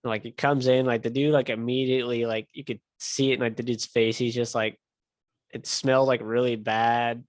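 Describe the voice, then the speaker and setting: A young man tells a long story in loose casual chat, swearing freely and leaning on fillers. His voice sits at an ordinary pitch. The sound is dry and close, with almost no room in it. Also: little pitch movement, moderate pace, no room sound. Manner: rambling, profane, filler-heavy storytelling. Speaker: podcast host.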